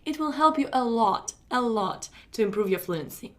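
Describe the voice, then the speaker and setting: A woman's voice: a little high, animated. Woman teaching English speaking. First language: Russian. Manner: encouraging, repetitive, measured with pauses. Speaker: English test-prep teacher. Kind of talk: recorded online lecture.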